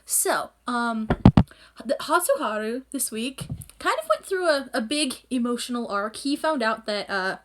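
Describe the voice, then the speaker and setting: A woman giving an excitable, rambling, swear-filled casual recap of an anime episode as a reviewer. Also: a little high, measured pace, heavy background noise.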